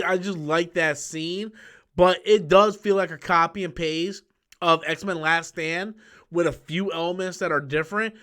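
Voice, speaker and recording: An excitable man hosts a live-stream chat, his voice pitched high and tense. He swears freely and hums movie sound effects between thoughts. He talks from a small room under studio lights. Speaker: YouTube host.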